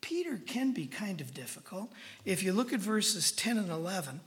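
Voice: mid-range voice, big pitch swings, moderate pace. A preacher teaching through a Bible passage in a conversational, emphatic way, often checking in with the listeners. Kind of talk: sermon, verse-by-verse Bible teaching. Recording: long hall reverb.

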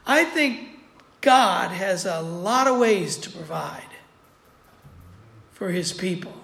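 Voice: medium pitch, lively intonation, slow, creaky, fairly bright tone. A preacher giving a sermon in a conversational way, repeating points for emphasis. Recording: roomy echo.

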